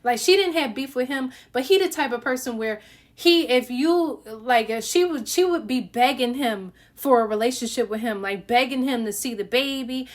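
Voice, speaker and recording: A woman's voice: high-pitched, normal speed. Chatty young woman telling a storytime. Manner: chatty, talks straight to the viewers with lots of fillers. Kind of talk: casual storytime.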